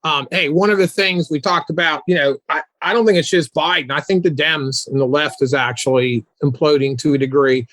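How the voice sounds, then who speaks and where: A man in his sixties, a guest on a political talk show, animated and mocking as he talks. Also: a little fast, hardly any pauses, no echo. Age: 60s. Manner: animated, mocking, mimics opponents in high voices.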